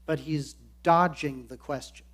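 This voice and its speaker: A man's voice: a little high, fairly even intonation, a little slow, fairly bright tone. A man preaching a sermon in an earnest way, slipping into quoted voices as he explains the passage. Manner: earnest, acts out quoted lines. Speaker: pastor.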